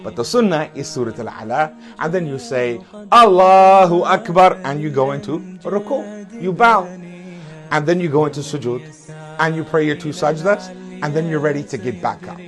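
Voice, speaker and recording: A man's voice: fairly high pitch, moderate pace. Man explaining steps, faint music behind. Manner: step-by-step, calls out takbirs loudly and drawn out. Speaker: religious teacher. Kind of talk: instructional talk.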